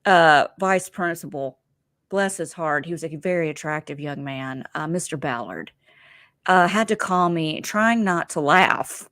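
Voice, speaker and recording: A middle-aged woman co-hosting a casual recap chat, telling stories with animated energy, swearing freely and acting out what people said. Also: low-pitched, unhurried, dry recording. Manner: animated storytelling, swears freely, acts out quotes. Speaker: podcast co-host.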